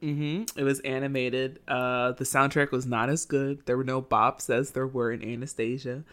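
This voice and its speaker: A woman's voice: very deep voice, little pitch movement, moderate pace. A young woman co-hosting a podcast, chatting casually in a rambling way with frequent hesitations and giggles. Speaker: podcast co-host. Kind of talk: casual chat.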